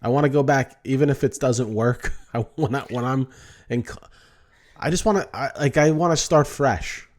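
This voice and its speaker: A man's voice: mid-range voice, moderate pace. A man with a New Jersey accent, co-hosting a podcast as a comedian in casual chat, rambling, restarting sentences and swearing casually.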